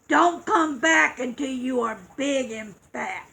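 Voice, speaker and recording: A woman voicing a mean, hungry male troll in a storybook reading, with slow, loud, growling shouts. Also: sits high, creaky, exaggerated voice. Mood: grumbling shout.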